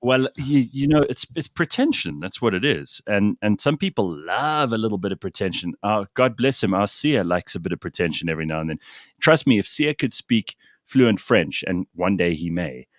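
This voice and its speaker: Man, very deep voice, dry close mic, casual host chat. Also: big pitch swings, moderate pace, no echo. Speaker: radio show host.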